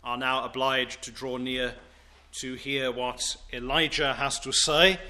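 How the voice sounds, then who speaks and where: A man preaching in church, reading scripture aloud in a solemn, deliberate way before his sermon. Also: medium pitch, level tone, sharp tone. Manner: slow, solemn, deliberate delivery.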